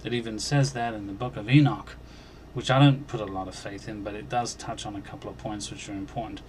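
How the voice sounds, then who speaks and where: A man's voice: lowish voice, fairly even intonation, a little mellow, a little hiss or hum. Guy on his faith channel telling about a dream, earnest, stops and restarts a lot, gets emphatic. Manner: earnest, halting, with many restarts. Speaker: Christian video channel host. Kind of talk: recounting a dream as personal testimony.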